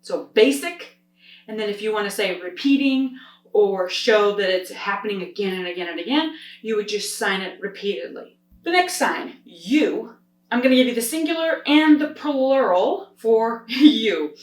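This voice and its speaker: Woman, sign language teacher, upbeat, step-by-step explaining, echoey room. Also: on the high side. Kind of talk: instructional explanation. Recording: roomy sound, distant from the mic.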